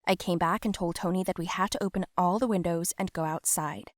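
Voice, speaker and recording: A young adult woman telling a scripted first-person story in a plain, steady way. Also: on the low side, a little fast, dry recording, clean studio sound. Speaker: narrator.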